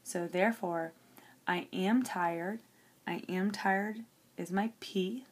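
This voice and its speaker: A woman's voice: medium pitch, slow pace. A woman teacher working through a logic example on paper, explaining each step and checking in with "okay" as she goes.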